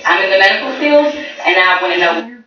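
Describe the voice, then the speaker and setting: A woman's voice: medium pitch, expressive, a little fast, background noise. A woman in her thirties, a mother addressing a school board, speaking earnestly and growing emotional. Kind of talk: public comment at a meeting. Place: large meeting room. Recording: echoey, distant, dull room recording.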